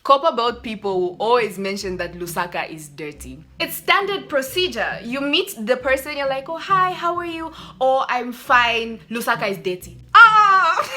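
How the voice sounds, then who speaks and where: Woman in her twenties, sit-down vlog on a phone camera, bright, a bit high, faint music behind. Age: 20s. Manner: animated, laughing, mimics others. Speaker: YouTuber.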